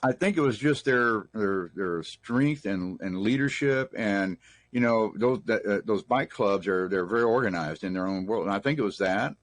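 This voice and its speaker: A man's voice: fairly low pitch, normal speed, dry recording. A middle-aged man from Texas, telling rambling, folksy stories as an interview guest. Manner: rambling, folksy anecdotes with restarts. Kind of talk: casual storytelling in an interview.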